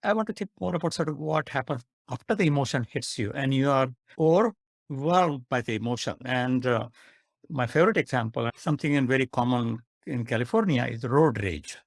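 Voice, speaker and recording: A man, a psychiatrist guest, explaining with worked examples in an earnest manner, pausing with "uh". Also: mid-range voice, vocal fry, dry recording, clean studio sound. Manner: earnest and animated, with "uh" pauses.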